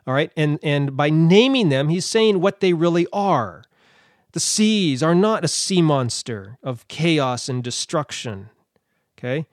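A man's voice: fairly high pitch, lively intonation, a little slow, no room sound, studio quality. A man giving a Bible teaching, thinking aloud with fillers and restarts.

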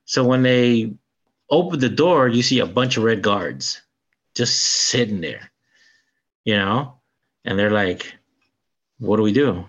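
A man's voice: medium pitch, takes it slowly, pauses often, lo-fi sound. Man animatedly retelling a film plot. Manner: animated retelling, acts out character lines. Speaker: podcast co-host. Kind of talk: casual film review chat.

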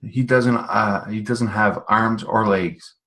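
A man's voice: on the low side, steady tone, slow pace, a bit bright. A man hosting a casual podcast conversation, encouraging and often restarting his sentences.

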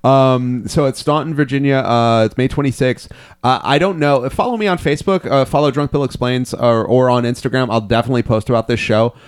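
A man's voice: medium pitch, fairly quick, clean tone, no echo. A young man hosting a casual podcast, rambling loosely, swearing a lot and laughing often. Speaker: podcast host, comedian. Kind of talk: casual profane podcast chat.

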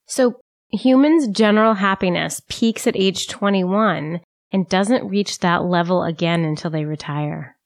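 A woman's voice: on the low side, a little slow. A woman co-hosting a casual podcast, eagerly sharing trivia facts and laughing often. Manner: shares trivia facts, giggly. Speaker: podcast co-host. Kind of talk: casual chat.

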